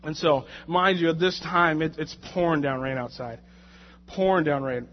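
A man giving a conversational sermon, telling a personal story in an animated, joking way and getting loud when he relives his anger. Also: a little high, normal speed. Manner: animated, jokey storytelling with rising, shouted anger in the retold moments. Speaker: lay preacher. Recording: dull lo-fi sound.

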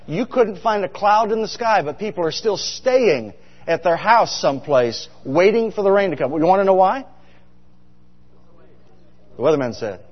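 Middle-aged pastor telling funny stories from the pulpit, kinda high voice, dull sound w/ long hall echo. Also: male voice. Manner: chatty, asks the congregation questions. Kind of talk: humorous storytelling sermon.

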